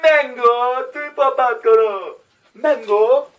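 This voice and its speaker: A man's voice: very high-pitched, takes it slowly, a bit bright, highs cut off, voice pushed up, heavily acted. A man doing a bellowing fruit-market hawker. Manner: bellowing, sing-song street cries. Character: loud male fruit-market hawker yelling prices.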